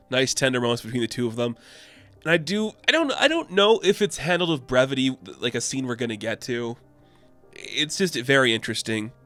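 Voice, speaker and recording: A man's voice: medium pitch, a bit bright. A man recapping and reviewing a comic issue in a chatty, opinionated way, full of "like". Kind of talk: casual recap and commentary.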